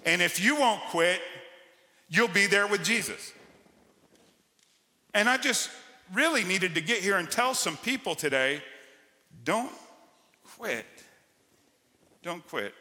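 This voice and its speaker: A man's voice: high-pitched, lively intonation, a little slow, long pauses, bright, forceful tone. A male pastor preaching a sermon, telling personal stories in a conversational, emphatic way. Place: church sanctuary. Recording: church hall with long reverb.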